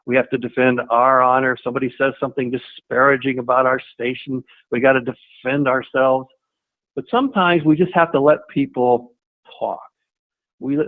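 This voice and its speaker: A man at a middle pitch teaches sales technique in a relaxed webinar, often restarting sentences and acting out little replies to clients. His voice comes through a narrow, tinny line that sounds like a phone call. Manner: conversational, repeats words and restarts, models short replies. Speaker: sales trainer. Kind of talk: webinar presentation. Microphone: webinar audio line.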